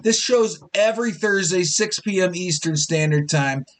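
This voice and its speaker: A man's voice: high voice, normal speed. A man hosting a casual sports talk show, joking and a little tipsy, slipping into fan voices as he rants. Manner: animated, joking, mimics fans in quotes.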